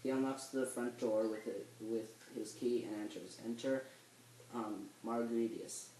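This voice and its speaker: Guy reading a play out loud, kinda far from the mic, echoey. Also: mid-range voice, steady tone, measured pace, slight background noise. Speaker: student reader. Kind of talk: reading a play script aloud, all parts. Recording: echoey room, voice a bit off the mic.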